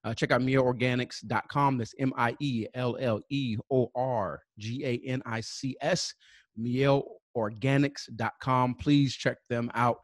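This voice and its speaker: Podcast cohost guy doing shout-outs, lots of ums, dry close mic. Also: medium pitch, fairly even intonation, no echo. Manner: spells out web addresses slowly, many fillers. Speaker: podcast co-host. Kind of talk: casual chat, reading sponsor shout-outs.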